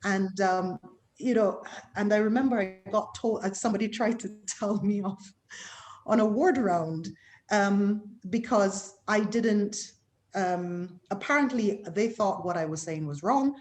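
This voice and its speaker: Animated West Indian woman recounting experiences. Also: medium pitch, a little slow. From West Indies. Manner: animated, acts out other people's remarks in quoted voices. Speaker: guest physician. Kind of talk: candid interview talk.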